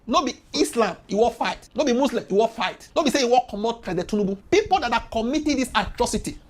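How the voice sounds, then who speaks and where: A woman's voice: on the high side, lively intonation, fast talker. A woman with a Nigerian accent giving impassioned political commentary, firing off rhetorical questions and mixing Pidgin with English.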